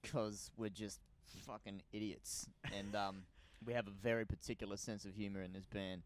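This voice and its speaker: Laid-back band guy, low voice, casual and swearing. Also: flat delivery, moderate pace. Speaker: band member guest. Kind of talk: casual chat. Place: live recording in a bar.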